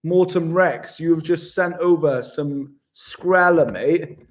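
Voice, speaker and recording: A man's voice: a little high, slow. A man, chatting casually with viewers on a live travel stream, upbeat and chummy, calling them mate. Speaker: travel vlogger. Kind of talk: casual livestream chat with viewers.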